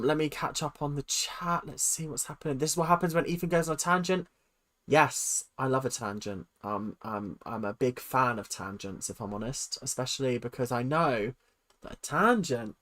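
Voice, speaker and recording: A woman's voice: extremely low pitch, fairly bright tone. A woman hosting a livestream, chatting casually and bluntly, swearing freely. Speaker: livestream host. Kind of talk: casual live commentary.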